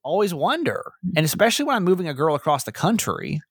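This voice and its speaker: A man's voice: on the high side, big pitch swings, fast, fairly bright tone, slightly rough, no echo, clean studio sound. A man hosting a podcast in casual chat with his mother, rambling and nervous, with many restarts. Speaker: podcast host.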